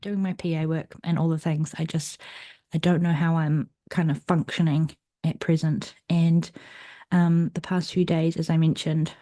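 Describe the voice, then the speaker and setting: A young adult woman hosting her own podcast, talking candidly and at length about her week, with restarts and soft laughs. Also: deep voice, little pitch movement, moderate pace, dry recording, clean studio sound. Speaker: podcast host. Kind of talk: personal confessional monologue.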